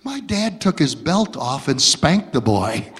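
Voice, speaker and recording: A man from Michigan telling stories from his childhood as a preacher, dramatic and swinging from hushed to loud. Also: a little high, very animated, slow pace, noisy background. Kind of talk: storytelling sermon. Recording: long hall reverb.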